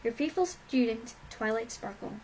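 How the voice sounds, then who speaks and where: A woman's voice: a little high, lively intonation, moderate pace, darkish tone, slight background noise, low-quality recording. A woman voicing an anxious, bookish young female unicorn pony who stammers earnestly, in a homemade storybook reading. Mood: formal.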